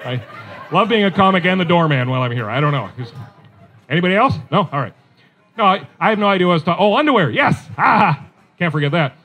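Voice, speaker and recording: A man's voice: sits high, animated, fast, fairly bright tone. A middle-aged man performing a stand-up comedy set, conversational and self-deprecating, with chatty asides to the crowd.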